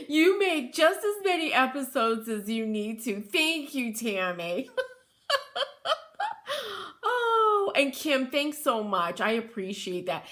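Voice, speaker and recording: Middle-aged connecticut lady hosting a live craft stream, slow easy talk, giggly, reads comments out loud. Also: high voice, very animated. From Connecticut, USA. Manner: chatty, laughs often, reads viewer comments aloud. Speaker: craft tutorial host. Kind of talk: live chat with viewers.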